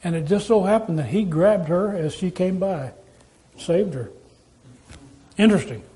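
A man's voice: sits high, normal speed, warm tone. A man preaching a sermon in a folksy, storytelling way, asking his listeners rhetorical questions.

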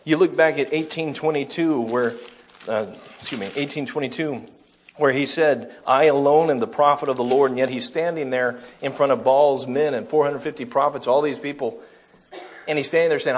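Male preacher, husky voice, reads scripture then explains it in plain sermon talk. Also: medium pitch, moderate pace. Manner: reads scripture aloud, then explains it, with small self-corrections.

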